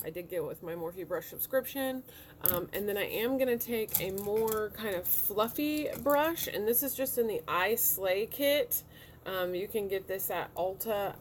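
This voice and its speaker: A woman's voice: medium pitch, a little hiss or hum. Chatty woman talking through her makeup. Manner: chatty, relaxed, talks through each step. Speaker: beauty vlogger. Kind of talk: casual makeup tutorial talk. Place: home room.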